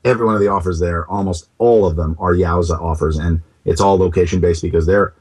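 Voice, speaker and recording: A man talking as a startup co-founder in an interview. He is animated and keeps restarting his sentences, and he throws in comic asides. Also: deep voice, fast talker, husky. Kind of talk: casual interview talk.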